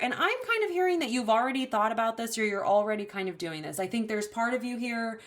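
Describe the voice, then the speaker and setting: A woman's voice: a little high, lively intonation, fast, few pauses. A woman giving a pick-a-card tarot reading, chatty and empathetic, rambling with many fillers. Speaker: tarot reader.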